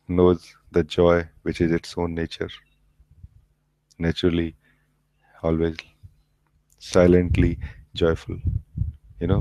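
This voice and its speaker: Deep, even-voiced male spiritual teacher; slow, halting, gentle satsang delivery, dry video-call sound. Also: dry recording, low-quality recording. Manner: slow, gentle, halting, with many pauses and fillers. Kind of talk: satsang talk.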